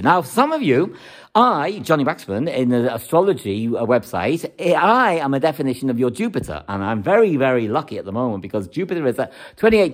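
A middle-aged man, an astrologer, talking casually in a rambling, animated monologue that keeps repeating its key words. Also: a little high.

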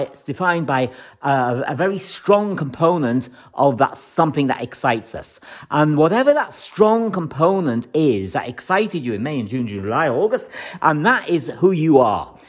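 Astrologer, casual monologue, emphatic, repeats words, very lively pitch. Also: a little slow.

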